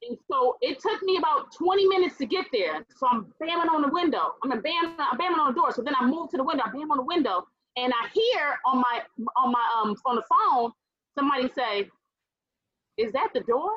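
A woman's voice: sits high, brisk, lo-fi sound. A woman guest on a radio talk show, animatedly telling a story and acting out the people in it. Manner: animated, acts out quoted voices, laughs while telling.

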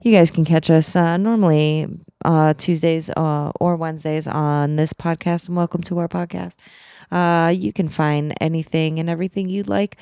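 Low-pitched female podcast co-host, dry close sound, easygoing and hesitant. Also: steady tone, normal speed, mellow, clear, resonant tone, dry recording. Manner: easygoing, hesitant, many uhs. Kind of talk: casual chat.

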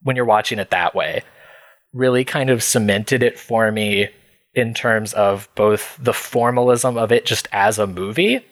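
A man's voice: fairly low pitch, steady tone, unhurried, no room sound. Chatty male podcast guest, dry sound. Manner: chatty, laughs while telling, many fillers. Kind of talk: casual storytelling.

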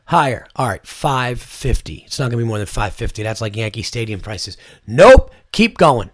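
A man's voice: mid-range voice, a little fast, fairly bright tone. A man hosting his own podcast, ranting in a loose comedic monologue with speech, lots of swearing and acted-out quotes. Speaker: podcast host.

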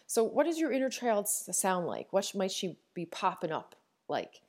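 A woman in her thirties from Newfoundland, Canada, hosts a reflective personal podcast with a Newfoundland accent. Her medium-pitched, darkish voice swoops wildly in pitch at a normal pace. She's candid and chatty, laughing often and restarting her sentences.

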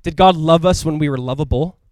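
A man preaching a sermon as a pastor in a casual, conversational and animated way, full of asides to the congregation. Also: a little high, a little fast, no room sound. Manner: animated, emphatic delivery.

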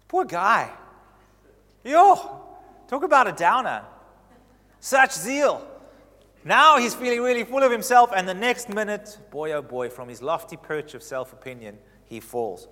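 Animated preacher, man, in a reverberant hall. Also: a little slow. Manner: animated, acts out quoted lines with swings in pitch and loudness. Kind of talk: sermon.

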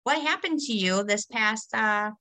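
A woman's voice: a little high, expressive, unhurried, pushed and bright. A woman with a girlish, youthful voice, co-hosting a podcast in casual chat and laughing easily as she retells what callers said. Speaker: podcast co-host.

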